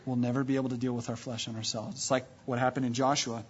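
A man preaching a sermon, emphatic, swinging from low and quiet to loud and high, retelling scripture stories. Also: little pitch movement, fast talker, background noise. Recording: dull lo-fi recording.

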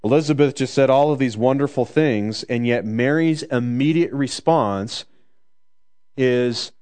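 A man preaching a conversational sermon, joking in asides and slowing down to stress the scripture. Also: mid-range voice, a little mellow.

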